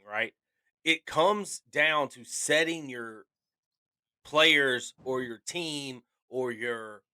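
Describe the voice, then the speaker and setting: A man co-hosting a podcast in casual conversation, talking in an animated, emphatic way and repeating phrases for stress. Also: on the high side. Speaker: podcast co-host.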